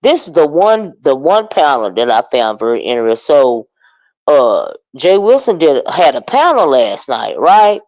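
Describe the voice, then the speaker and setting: A woman hosting a live commentary stream, chatting casually and excitedly with her viewers, calling out their names and sprinkling in "child" and "honey.". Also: low-pitched, no echo, rough recording. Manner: chatty, animated, greets chat viewers by name; exclamatory, with drawn-out "child" and "honey". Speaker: livestream commentary host.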